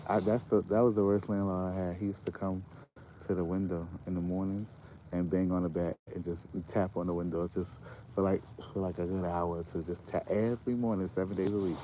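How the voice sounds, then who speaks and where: Low-voiced man telling stories, swearing freely. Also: a little hiss or hum. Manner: animated storyteller, swears freely, laughs often. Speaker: podcast host. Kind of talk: casual late-night chat.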